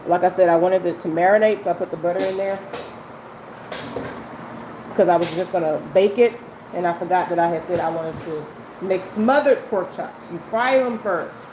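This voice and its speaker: A woman's voice: on the low side, moderate pace. A woman hosting a live cooking demonstration from her home kitchen, chatting and giving instructions as she works, recorded on a phone. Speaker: cooking show host. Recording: kitchen vent hum behind.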